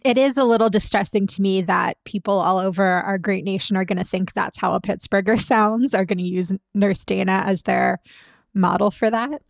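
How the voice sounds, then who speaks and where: This woman producer speaks in a wry, reflective way during a casual chat. Her pitch is in the middle range, and the recording is close and dry. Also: fairly even intonation, moderate pace, creaky, dry recording. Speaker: executive producer.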